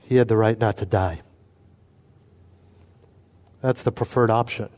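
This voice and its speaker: A man preaching an expository sermon, earnest and emphatic, slowing down to stress key points. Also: lowish voice, steady tone, a little mellow. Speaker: pastor.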